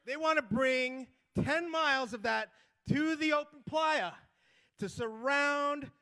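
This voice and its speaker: A man giving a lively conference talk as a restoration manager, rallying the audience with chants and quick asides. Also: extremely high pitch. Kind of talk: energetic presentation with crowd call-and-response. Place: conference hall before a live audience.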